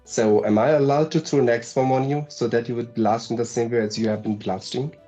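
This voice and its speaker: A man's voice: medium pitch, steady tone, brisk, warm tone, faint music behind. A man interviewing a guest, asking long questions in a formal way and praising her answers with florid, elaborate words.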